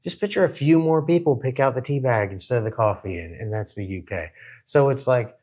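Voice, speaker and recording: A man's voice: medium pitch, fairly quick. An American man hosting a reaction video, chatting casually and rambling with lots of fillers. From United States. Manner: rambling, animated, many fillers and restarts. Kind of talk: casual chat.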